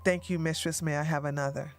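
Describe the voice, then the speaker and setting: A woman's voice: steady tone, over loud music. Woman playing a stern teasing dominatrix. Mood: commanding. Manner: low, slow, mock-commanding.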